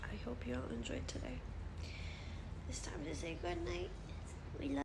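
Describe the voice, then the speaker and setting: A woman chatting casually to her viewers in a home vlog, tired and relaxed, calling them guys. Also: a little high, normal speed, creaky. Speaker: vlogger. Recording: roomy echo with loud background noise.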